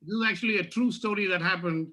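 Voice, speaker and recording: An older man doing stand-up comedy on a video call, telling jokes and putting on comic accents, often clearing his throat. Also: high-pitched, fast talker, sharp tone.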